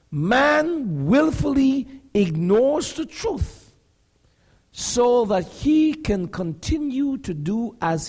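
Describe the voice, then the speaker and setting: A man preaching a sermon, building to shouts and asking the congregation questions. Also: high voice, vocal fry, breathy edge. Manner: preaching with rising shouts and call-and-response questions.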